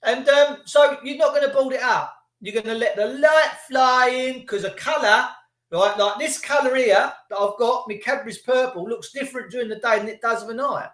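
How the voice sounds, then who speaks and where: This livestream host is a middle-aged man with a very high, fairly bright voice, speaking at normal speed. He goes off on a rambling live monologue full of swearing and sarcasm, and the room echoes around him.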